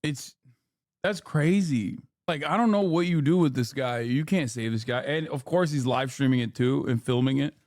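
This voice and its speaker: A man's voice: medium pitch, normal speed, a little mellow, no room sound, studio quality. Man doing mocking streamer commentary. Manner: profane, mocking, conversational. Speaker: streamer reacting to clips. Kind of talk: casual commentary.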